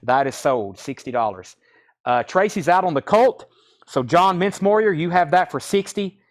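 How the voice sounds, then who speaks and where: A man hosting a live record sale, listing titles and prices in quick auction patter. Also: a little high, animated. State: out of breath.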